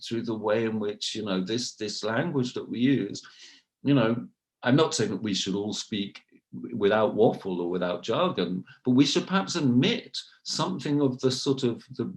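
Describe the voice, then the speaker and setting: A man, a university researcher, speaking as a podcast guest and telling stories with many asides and restarts. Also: medium pitch. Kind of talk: casual interview, storytelling.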